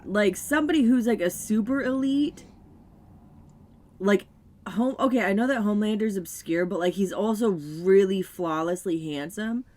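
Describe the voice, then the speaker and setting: A woman co-hosting a podcast, joking and interjecting emphatically in casual chat. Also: medium pitch. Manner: lively, emphatic, quick to joke and interject. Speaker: podcast co-host.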